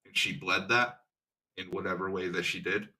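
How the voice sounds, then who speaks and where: A man's voice: low voice, little pitch movement, normal speed, pushed and bright. A man co-hosting a casual fan podcast, laying out theories and checking facts with questions. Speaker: podcast co-host.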